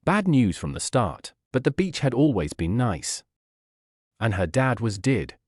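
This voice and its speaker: A male narrator reading fan fiction in a steady audiobook style. His pitch sits in the middle but moves in lively swings. The sound is dry and close to the mic. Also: measured pace, breathy edge, no room sound.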